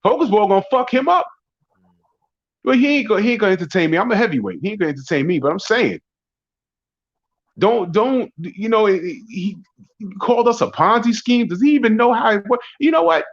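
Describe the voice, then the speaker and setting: A man hosting a barbershop talk show, ranting profanely and mocking his critics in a rambling, loud way. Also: sits high, lively intonation, fairly quick. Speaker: podcast host. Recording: dull lo-fi audio.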